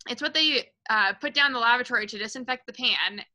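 A woman's voice: on the high side, fairly quick, sharp tone, low-quality recording. A woman reading aloud, voicing a snobbish mother who shrieks and scolds her husband. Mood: scornful. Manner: shrieking, scornful. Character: shrill scolding mother, snobbish and sharp-tongued.

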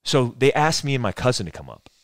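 A man's voice: medium pitch, big pitch swings, quick pace, no room sound, studio quality. A man in his forties, a former soldier, telling a rambling, profane story as a podcast guest. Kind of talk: casual storytelling conversation.

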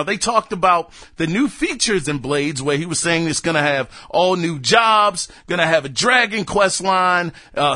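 A man's voice: sits high, pushed and bright, dry recording, studio quality. A man in his thirties hosting a solo gaming podcast, talking casually and animatedly in slang, straight to his listeners. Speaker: podcast host.

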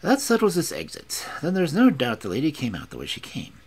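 A man voicing a shrewd detective who speaks briskly, probing and lightly ironic. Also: fairly high pitch, wildly swooping pitch, breathy edge, full character voice.

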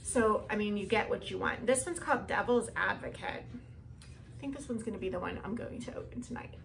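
A woman vlogging a casual product review at home, chatty and excitable as she gushes over each item. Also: medium pitch, brisk, gravelly, poor audio.

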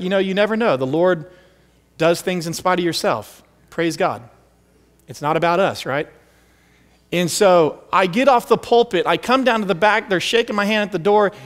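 A male pastor tells stories from the pulpit, leaning into every quoted line. His voice sits a little high for a man. The sound carries a long reverb from the sanctuary. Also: moderate pace. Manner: animated, acts out quoted voices. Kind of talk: storytelling sermon. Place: church sanctuary.

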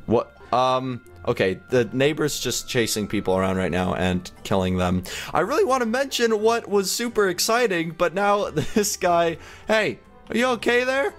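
A young man rambling through gameplay commentary in an excitable, fast-changing way, gasping and laughing as he goes. His voice sits a little high and leaps around in pitch. Faint music plays underneath. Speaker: gaming channel host.

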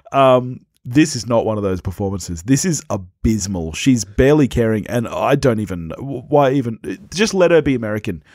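A man co-hosting a podcast, giving blunt, animated opinions on a film and laughing easily. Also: medium pitch, normal speed, dry recording, studio quality. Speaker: podcast co-host. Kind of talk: casual film review chat.

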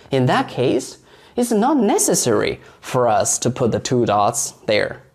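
Slow, patient male teacher. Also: medium pitch, a little mellow. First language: Mandarin Chinese. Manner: patient, explains step by step and sings out tones. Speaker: Mandarin teacher. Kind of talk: online language lesson.

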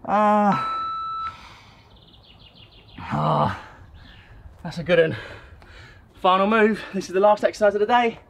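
A man's voice: high voice, a little fast, fairly bright tone, a little hiss or hum. A man with a British accent, out of breath, coaching a home workout and calling out moves with energy. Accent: British English. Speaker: fitness coach. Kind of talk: workout instruction.

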